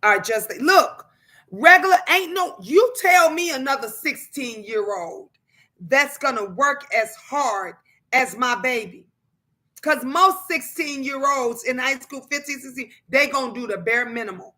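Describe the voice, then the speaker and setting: A woman's voice: sits high, expressive, measured pace, sharp tone. A woman chatting casually on a livestream, greeting viewers and talking emphatically in plain, colloquial speech, repeating phrases to drive her points home. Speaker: livestreamer and mother.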